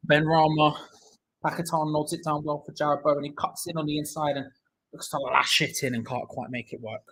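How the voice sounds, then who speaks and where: Husky young football streamer. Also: male voice, a little high, flat delivery, fairly quick, a bit bright, low-quality recording. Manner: chatty, jokey, reads viewer comments aloud. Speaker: watch-along host. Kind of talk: live football watch-along commentary and chat.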